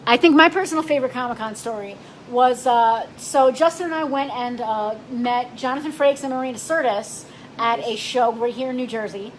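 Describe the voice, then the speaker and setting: A woman co-hosting a casual chat, telling stories in a lively, playful way. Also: on the high side, normal speed, a little hiss or hum, poor audio. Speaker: co-host.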